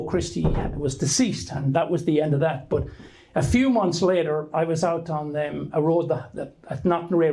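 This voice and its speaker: A man's voice: fairly high pitch, darkish tone, rough recording. An Irish man telling a rambling story to a live audience, with frequent restarts and fillers. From Ireland. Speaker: speaker giving a talk to an audience.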